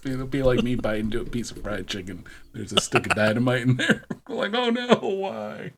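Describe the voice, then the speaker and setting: A man's voice: fairly low pitch, brisk, a bit bright, a little hiss or hum. A man co-hosting a casual chat, joking around and swearing casually. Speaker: podcast co-host.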